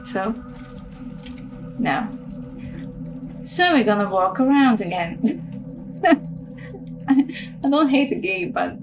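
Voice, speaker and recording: Excitable woman gaming, slow and cursing. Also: medium pitch, background noise. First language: Romanian. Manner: swearing, excitable, with many fillers. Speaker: game streamer. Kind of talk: casual gameplay commentary.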